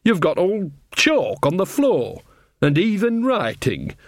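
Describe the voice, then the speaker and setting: A rambling, folksy old witch woman, as a male reader puts her on, chatty and a bit coarse. Her voice sits higher than the reader's own and swings about in pitch. It is recorded dry and close, as in a storybook reading. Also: wildly swooping pitch, slow, dry recording, exaggerated voice. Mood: gossipy, flustered.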